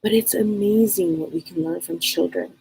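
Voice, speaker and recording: A woman's voice: on the low side, moderate pace, vocal fry, a little mellow, slight background noise, low-quality recording. A woman hosting a live broadcast as a psychic medium, talking earnestly in a casual, rambling way and often repeating and restarting her words.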